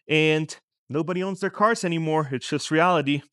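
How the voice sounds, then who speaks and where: A man's voice: on the high side, moderate pace, fairly bright tone, clean tone, no echo, clean studio sound. A man vlogging about personal finance in casual commentary, talking to viewers in a conversational way and firing off rhetorical questions. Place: outside a store in a shopping district.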